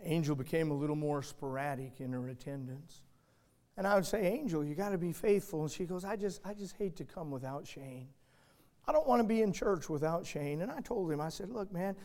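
A man preaching and telling a story from the pulpit, swinging between loud urgent moments and quiet hushed ones. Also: high voice. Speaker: pastor. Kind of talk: sermon illustration storytelling.

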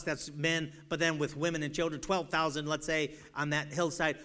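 An animated male preacher with a fairly high voice. He reads scripture slowly, then breaks into pleading, rising cries as he acts out people's doubts. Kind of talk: sermon.

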